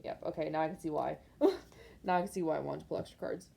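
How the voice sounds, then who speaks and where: A woman gives a casual tarot reading straight to her viewers. Her voice is mellow and sits slightly low. She rambles through intuitive impressions, leaning on filler words as she goes. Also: quick pace, gravelly, slight background noise. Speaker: tarot card reader. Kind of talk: casual pick-a-card tarot reading to camera.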